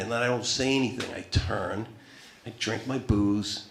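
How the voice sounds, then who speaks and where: A man's voice: fairly low pitch, normal speed, vocal fry, a bit bright, reverberant, slight background noise. A man in his thirties doing a stand-up comedy set, profane and wry, rambling and cutting himself off mid-sentence. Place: small comedy club stage. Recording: live club room with audience laughter.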